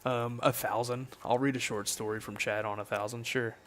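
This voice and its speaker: A man's voice: medium pitch, steady tone, normal speed, fairly bright tone, slight background noise. Chatty young man streaming a game. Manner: chatty, jokey, reads chat aloud. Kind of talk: casual livestream chat while gaming.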